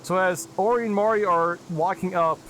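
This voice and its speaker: A man narrating as game master of a tabletop game, with even descriptions and dry asides. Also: high voice, normal speed, a little hiss or hum.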